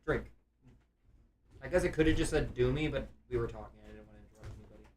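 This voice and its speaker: A player in a casual tabletop game chat, talking in a brisk, blunt, jokey way, picked up on a distant mic. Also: medium pitch, darkish tone. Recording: distant mic with faint background noise.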